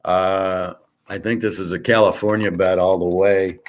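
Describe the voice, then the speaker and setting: A man's voice: low-pitched, flat delivery, moderate pace. A man giving sports betting picks in a loose, rambling way, reading off stats with many fillers. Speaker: sports handicapper. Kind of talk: casual betting picks talk.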